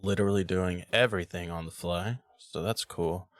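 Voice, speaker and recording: A man's voice: sits low, normal speed, dry recording. A man hosting a casual movie podcast, swearing freely, laughing often and reading credits off the cuff. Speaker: podcast host.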